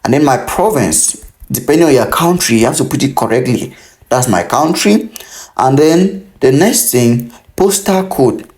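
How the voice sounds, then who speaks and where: A man in his thirties from Cameroon talks a viewer through an online application one field at a time. His voice sits at a middle pitch, and he keeps stopping to warn that every detail must be entered correctly. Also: lively intonation, measured pace, darkish tone. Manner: instructive, repeats warnings to pay attention. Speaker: tutorial host. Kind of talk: screen-recorded how-to walkthrough.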